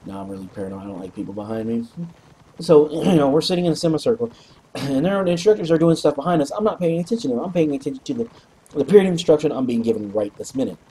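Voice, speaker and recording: A man casually telling a rambling, animated story, clearing his throat often and swearing freely. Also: medium pitch, a little hiss or hum. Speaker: co-op gaming channel host.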